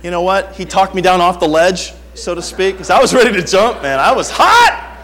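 A middle-aged man preaching a sermon, telling stories with animated swings from quiet asides to near-shouting. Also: high-pitched, a little fast. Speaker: pastor.

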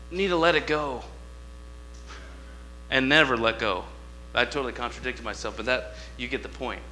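A man preaching a sermon with passion, swinging between shouting and hushed asides, acting out dialogue in different voices. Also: a little high. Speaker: guest preacher. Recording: mains hum behind the voice.

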